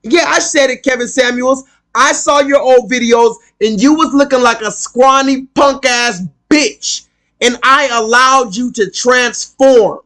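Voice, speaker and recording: A man's voice: very high-pitched, measured pace, sharp tone. A man streaming live, delivering a heated, profane rant to his viewers and repeating his points for emphasis. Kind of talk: ranting live stream monologue.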